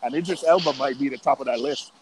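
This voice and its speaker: A man's voice: medium pitch, quick pace, a little hiss or hum. A man in casual chat, talkative and emphatic, giving firm opinions. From United States.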